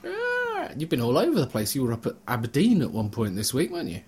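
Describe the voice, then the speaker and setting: A man's voice: medium pitch, wildly swooping pitch, quick pace, slightly rough. A man hosting a casual podcast, bantering and teasing his co-host. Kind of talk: casual chat.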